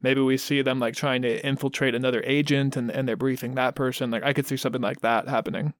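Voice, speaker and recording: A man's voice: medium pitch, steady tone, fast talker, dry recording. A man co-hosting a casual podcast, speculating in an easygoing way. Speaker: podcast co-host. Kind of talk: casual chat.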